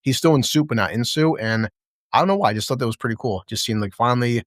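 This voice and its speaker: A man's voice: medium pitch, quick pace, no echo, clean studio sound. A man in casual chat recapping a TV episode, swearing freely and acting out the characters' lines. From American Midwest. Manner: profane, animated, acts out lines from scenes. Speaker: podcast host.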